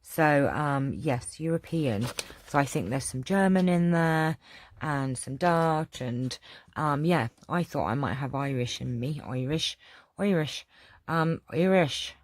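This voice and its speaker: A woman's voice: very deep voice, a little slow, no echo. A middle-aged English woman with an English accent, chatting casually and rambling with lots of ums as she answers viewer questions. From England. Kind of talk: casual chat.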